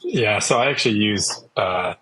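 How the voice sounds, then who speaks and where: A man's voice: lowish voice, expressive, moderate pace, pushed and bright, low-quality recording. A young man talking casually as a guest, chatty, with lots of "like" and acted-out quotes. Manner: chatty, many "like"s, acts out quotes. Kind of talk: casual interview talk.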